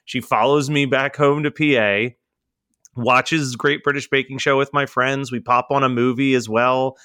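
A young man co-hosting a casual podcast, his voice bright and forward. He tells a long story with frequent laughs and acts out what each person said along the way. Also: mid-range voice, steady tone, moderate pace, clear, resonant tone, dry recording, clean studio sound. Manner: storytelling, laughs often, acts out quoted dialogue. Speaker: podcast co-host. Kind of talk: casual chat.

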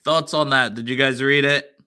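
A man with a mid-range, clear and resonant voice hosts a casual sports podcast, sounding bright and forceful. His intonation stays fairly even at a normal speed, and he comes across as chatty and wry.

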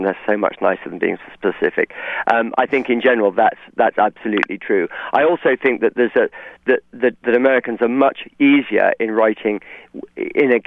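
Heard over a tinny phone line with no echo, a man from England with a lowish voice and a received pronunciation accent is interviewed on radio as an author. He talks articulately and at length, frequently starting over.

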